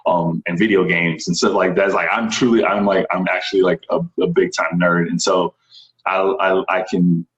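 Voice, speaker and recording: A young man from Texas telling stories in a casual interview, animated and enthusiastic, acting out what other people said. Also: low voice, moderate pace, reverberant, lo-fi sound. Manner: animated, enthusiastic, frequent laughs and quoted voices. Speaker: stunt performer, interview guest.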